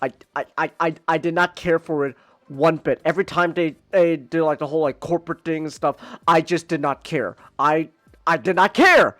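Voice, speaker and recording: Man, high-pitched voice, casual podcast rant, stammers and repeats, swears a lot, faint music behind. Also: moderate pace, no room sound. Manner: stammering, repeats words, swears, swings from mutters to near-yells. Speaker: podcast host. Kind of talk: casual ranting review.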